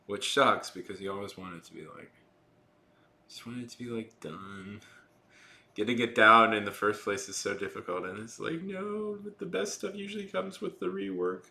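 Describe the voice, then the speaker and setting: A man's voice: on the low side, expressive, moderate pace, vocal fry, bright, forceful tone. A man streaming and chatting casually with his viewers, rambling with frequent restarts and fillers. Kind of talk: casual chat with live chat while drawing.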